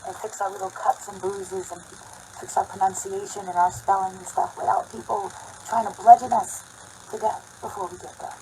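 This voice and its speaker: A woman's voice: mid-range voice, level tone, normal speed, dark tone, slight background noise, low-quality recording. A woman talking casually and emphatically to her viewers in a vlog monologue. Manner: conversational, emphatic, talks directly to viewers. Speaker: vlogger.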